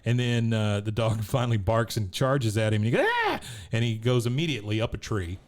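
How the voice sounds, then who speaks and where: A man's voice: on the low side, quick pace, a little mellow. A man co-hosting a podcast, casually recapping an episode scene by scene and laughing at the characters. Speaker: podcast co-host.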